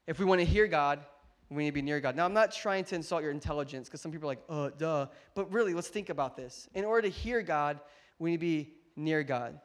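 A man preaching a sermon as pastor, animated and joking, swinging between loud bursts and hushed asides. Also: fairly high pitch, fast talker. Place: church hall with congregation.

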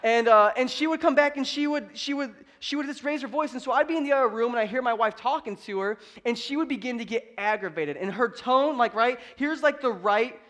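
A high-pitched man in his thirties delivers a sermon in a relaxed, conversational way. He mixes humor with his preaching. At key points he builds to loud, emphatic declarations. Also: a little fast, hardly any pauses. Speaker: pastor.

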